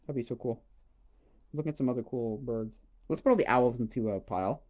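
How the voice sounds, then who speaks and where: A man on a casual livestream, rambling and exclaiming excitedly as he opens trading cards. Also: mid-range voice, fairly quick, highs cut off. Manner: excitable, rambling, exclaims over each card. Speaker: streamer opening a card pack.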